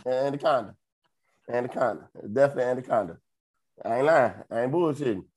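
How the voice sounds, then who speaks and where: A young man with a Chicago accent, telling a long story in casual podcast chat, full of swearing, who jumps into high voices to quote people. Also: lively intonation, quick pace, darkish tone. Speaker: podcast co-host.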